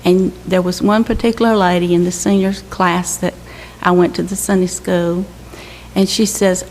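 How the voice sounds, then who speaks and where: An older woman with a gravelly, creaky voice gives an earnest church testimony, exhorting her listeners. She is heard in a reverberant sanctuary with a long echo. A faint hiss sits underneath. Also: lowish voice, level tone, moderate pace, darkish tone. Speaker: mission team member reporting to her church.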